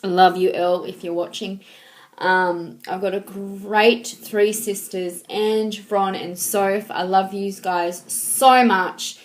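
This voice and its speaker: A woman in her thirties speaks to her viewers at an unhurried, slow pace. Her talk is halting and sentimental, full of ums and restarts, in a medium-pitched voice. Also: level tone. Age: 30s. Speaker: vlogger. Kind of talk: casual heartfelt talk to camera.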